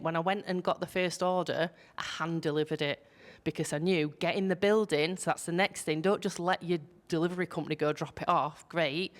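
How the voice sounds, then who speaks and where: Yorkshire woman on a panel, lowish voice, blunt and sweary, straight-talking stories. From Yorkshire, England. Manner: blunt, salty storyteller who swears freely. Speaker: panelist, business founder. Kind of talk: casual panel discussion.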